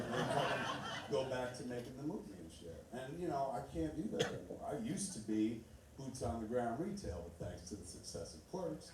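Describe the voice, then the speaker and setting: A middle-aged man telling loose, profane stories to a live audience, laughing as he goes. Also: medium pitch. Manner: loose, rambling, swears constantly, laughs often. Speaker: filmmaker speaking on stage. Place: large theater. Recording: echoey hall from far off with noise.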